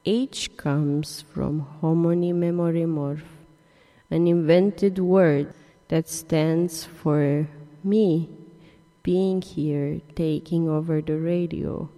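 Woman, low mellow voice, unhurried spoken-word delivery, long hall reverb. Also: fairly even intonation. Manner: deliberate, drawn-out phrasing. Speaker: radio performer. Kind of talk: slow spoken-word performance.

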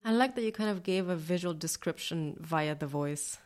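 A woman interviewer asking calm, measured questions about someone's voice. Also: on the low side.

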